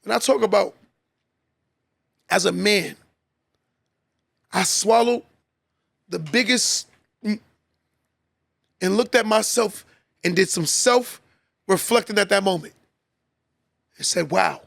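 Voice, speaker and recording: A man's voice: sits high, slow pace, gravelly, long pauses, fairly bright tone, dry recording. A man, a father, giving a preachy motivational monologue as podcast host, repeating key lines for emphasis. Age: adult, father of a son.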